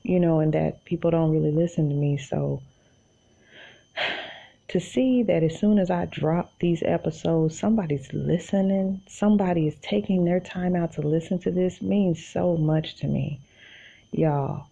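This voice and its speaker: A woman's voice: sits low, a little slow, gravelly, mellow, slightly rough, muffled recording. A woman from Tulsa with an Oklahoma accent, chatting casually to her podcast listeners from her bed and calling them y'all. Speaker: podcast host. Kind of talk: casual solo monologue.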